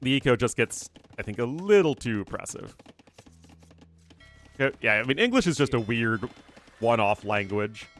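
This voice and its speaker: A man's voice: medium pitch, very animated, moderate pace, pauses often, fairly bright tone, faint music behind. A man casting a live strategy game tournament, chatty and joking as he answers viewer chat. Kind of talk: live esports commentary.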